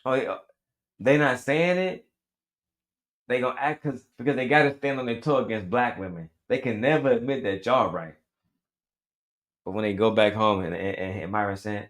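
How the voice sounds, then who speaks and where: A man's voice: mid-range voice, moderate pace, long pauses, fairly bright tone. A man hosting a reaction commentary show, talking bluntly in profane street slang and hammering his points with repetition.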